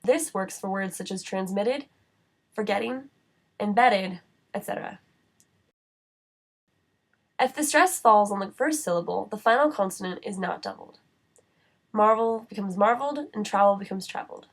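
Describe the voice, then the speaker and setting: A woman narrating a writing-center lesson in a measured, scripted voice-over. Her pitch sits in the middle range. She reads each example word slowly and carefully.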